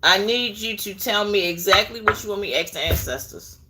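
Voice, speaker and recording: Against a noisy background, a woman with a medium-pitched voice speaks a little fast as she does a live tarot reading. She's chatty, addresses her viewers directly, and digresses as she looks for things.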